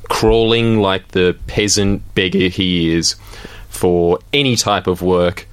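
A man's voice: sits low, slow pace, clear, resonant tone. A young man, co-hosting a casual radio show with dry, teasing humour. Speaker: radio co-host.

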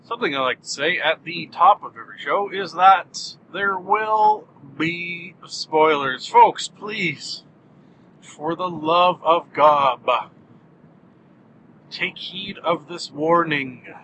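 A man's voice: fairly high pitch, slow pace, pushed and bright, a little hiss or hum, poor audio. Rambling, jokey male podcast host. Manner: rambling, self-mocking, jokey. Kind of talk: casual rambling monologue. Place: car while driving.

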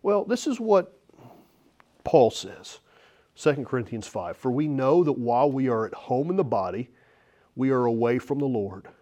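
A man's voice: mid-range voice, moderate pace. A man preaching a sermon, reading scripture and slipping into candid, joking asides. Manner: conversational preaching with self-deprecating asides and laughs; reads scripture aloud, rising animated at personal points. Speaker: pastor.

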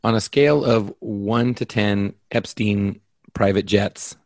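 A man chatting on a podcast, halting as he searches for words, teasing his friends. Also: on the low side, no room sound. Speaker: podcast co-host. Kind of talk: casual chat.

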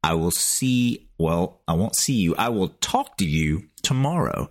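A male host talking slowly in a husky voice, his pitch bouncing up and down as he rambles and swears through a casual sign-off. His delivery stays loose and unhurried. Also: sing-song.

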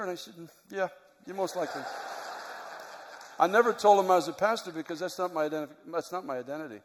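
A man's voice: fairly high pitch, brisk. Earnest male pastor in a reverberant hall. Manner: storytelling, earnest, emotional. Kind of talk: sermon.

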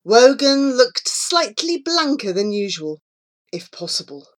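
A woman narrating a children's novel in measured storybook style. She reads slowly and carefully, and her fairly high voice rises and falls with lively expression. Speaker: audiobook reader.

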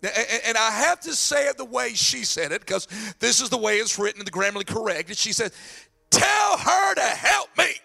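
A man preaching a sermon as pastor, animated, acting out the voices of people in the scripture story. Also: high voice, a little fast, vocal fry, hardly any pauses.

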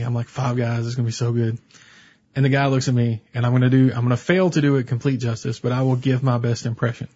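A husky-voiced man chats casually as a podcast co-host, spinning out an anecdote with animated storytelling. His pitch sits in the middle range. The recording sounds dull and lo-fi. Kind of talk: casual chat.

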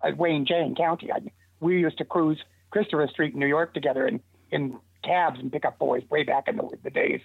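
A man's voice: fairly high pitch, brisk, gravelly, husky, dry recording. An older man telling long, rambling stories as an interview guest, with restarts along the way. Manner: rambling, animated anecdotes with restarts. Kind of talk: casual storytelling. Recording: tinny dry phone line.

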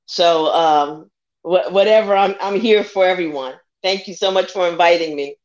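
A woman's voice: on the low side, moderate pace, highs cut off. A middle-aged woman introducing herself on a panel, gracious and a little hesitant. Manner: gracious, hesitant, filler-heavy. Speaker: mother-in-law, panel guest.

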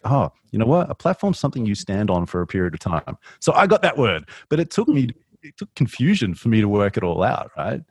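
A man with an Australian accent, a podcast guest telling stories in a mumbly, monotone way. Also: lowish voice, no echo, studio quality. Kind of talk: casual podcast conversation.

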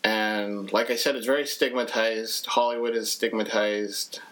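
A man's voice: fairly low pitch, steady tone, measured pace, a bit bright, rough recording. A young man hosting a podcast, talking candidly in a rambling way with many restarts. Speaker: podcast host. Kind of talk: casual podcast chat.

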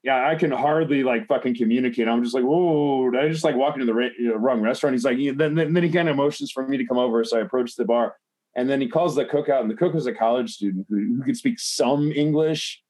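A man's voice: mid-range voice, fast talker, a little mellow. Rambling, foul-mouthed man telling a story. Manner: rambling, heavy swearing, many fillers like "like". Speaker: podcast host telling a story. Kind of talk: casual storytelling chat.

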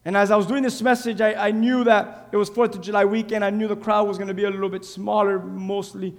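High-voiced preaching pastor, man. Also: little pitch movement, quick pace. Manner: preaching with rising shouts and calls for amen. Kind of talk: sermon. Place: church sanctuary. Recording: hall reverb.

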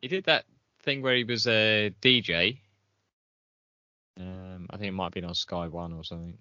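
Bright-voiced chatty man. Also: low-pitched, fairly even intonation, normal speed, no echo, muffled recording. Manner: chatty, laughs often, trails off. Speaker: podcast co-host. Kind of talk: casual chat.

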